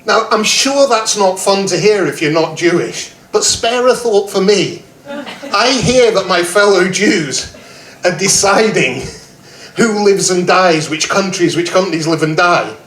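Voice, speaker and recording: A man's voice: high voice, expressive, unhurried, a bit bright. A man in his fifties doing a self-deprecating stand-up set, quizzing the audience. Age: 50s. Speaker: stand-up comedian. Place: pub comedy room. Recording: roomy pub sound from far off.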